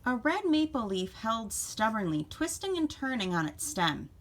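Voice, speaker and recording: A woman teacher reads a picture book aloud for children with a very lively, sing-song pitch. She stops now and then to ask the children questions about what they see. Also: normal speed. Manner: expressive, asks children questions. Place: home.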